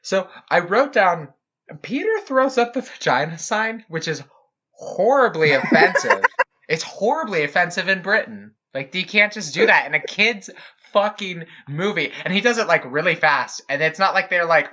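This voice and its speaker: A man's voice: sits high, expressive, moderate pace, sharp tone, muffled recording. A man co-hosting a comedy podcast, laughing often and swearing for emphasis as he reacts to a bad movie. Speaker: podcast co-host. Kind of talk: casual comedic chat.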